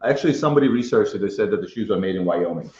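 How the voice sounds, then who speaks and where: A man's voice: on the low side, expressive, background noise. A middle-aged man from Ukraine giving a casual interview, emphatic, often tagging "right?" onto his points. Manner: fast, emphatic, keeps adding "right?". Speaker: interviewee, sneaker collector. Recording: roomy, dull sound.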